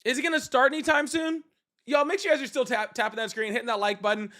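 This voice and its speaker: A man's voice: very high-pitched, steady tone, fast talker, sharp tone. A man hosting a live call-in debate stream, ranting casually in a sarcastic, mocking way and swearing freely. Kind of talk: casual livestream rant.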